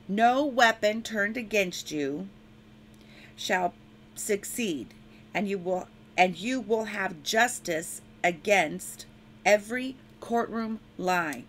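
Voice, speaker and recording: A woman's voice: medium pitch, fairly bright tone, a little hiss or hum. A woman reading a prophetic word and scripture aloud in an earnest way, stopping now and then to correct herself. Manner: slow, earnest reading with frequent self-corrections.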